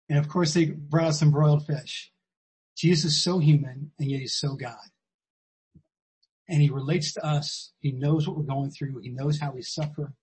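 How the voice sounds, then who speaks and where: Husky, fairly high-voiced man preaching; conversational and emphatic, repeats key lines. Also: fairly even intonation, normal speed, a little mellow, low-quality recording. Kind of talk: sermon.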